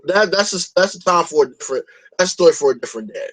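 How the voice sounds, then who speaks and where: A man's voice: high-pitched, expressive, very fast, a bit bright, low-quality recording. A man hosting a podcast in a casual chat, opinionated and rambling, swearing freely. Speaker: podcast host.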